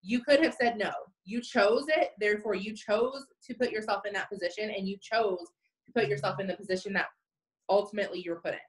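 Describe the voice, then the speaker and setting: A woman's voice: mid-range voice, fairly quick, low-quality recording. A woman in her thirties, a sales team leader, giving a chatty, casual live-stream pep talk and reading viewer comments aloud.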